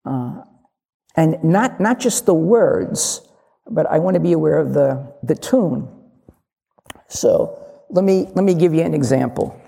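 An older woman gives a candid, funny dharma talk, her voice gravelly and husky with a mellow tone. The words carry a long reverb from a large meditation hall. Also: low voice, expressive, unhurried, long pauses. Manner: candid, humorous, acts out little dialogues. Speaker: lay Zen teacher.

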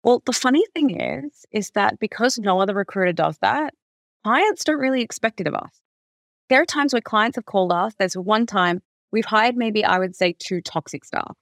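A woman's voice: mid-range voice, normal speed, no echo. Woman telling work stories on a podcast, chatty, lots of "like", dead dry audio. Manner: animated storyteller, heavy use of "like". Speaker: recruitment company founder, guest. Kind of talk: conversational podcast interview.

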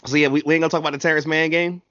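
A man with a slightly high voice hosts a casual basketball talk, sarcastic and laughing easily. The sound is a little dull and lo-fi. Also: flat delivery, racing, pushed and bright, no room sound.

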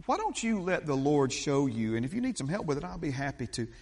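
A middle-aged pastor delivering an emphatic sermon, his voice swinging from hushed to loud. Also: very animated, brisk. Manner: emphatic preaching with big swings in pitch and loudness. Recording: long church reverb.

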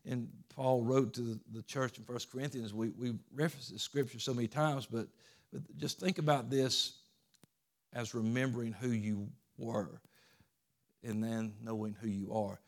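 A man's voice: medium pitch, fairly even intonation, moderate pace. A man preacher giving an informal sermon in a church, telling a story in a conversational way, with frequent restarts.

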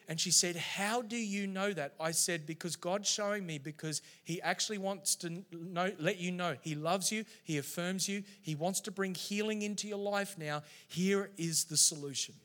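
High, bright-voiced preacher. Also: male voice. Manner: animated storytelling preacher. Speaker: pastor. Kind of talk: sermon.

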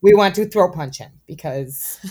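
A woman's voice: fairly low pitch, animated, moderate pace, a little mellow. A woman co-hosting a podcast in casual chat, blunt and emphatic, swearing for stress. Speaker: podcast co-host.

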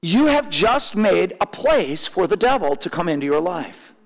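A man's voice: high voice, very animated, gravelly, in a large hall. A man preaching a sermon, often restarting and repeating his words as he explains a passage. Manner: halting, repeats words, laughs now and then.

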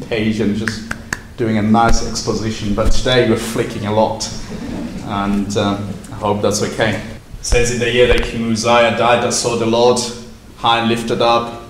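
A man preaching a sermon, swinging between impassioned proclaiming and quiet reflection. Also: mid-range voice, level tone, unhurried, noisy background. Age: adult with a young son. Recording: echoey hall from far off, faint ambience.

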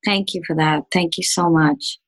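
A woman's voice: fairly low pitch, fairly even intonation, moderate pace, rough recording. A woman hosting an interview, thanking her guest and encouraging listeners to try what they heard. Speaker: podcast host. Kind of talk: interview conversation.

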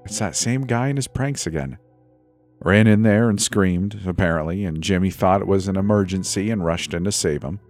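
A man's voice: low voice, normal speed, darkish tone. A man telling a first-person horror story in a tense, breathless, dramatic way. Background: faint music.

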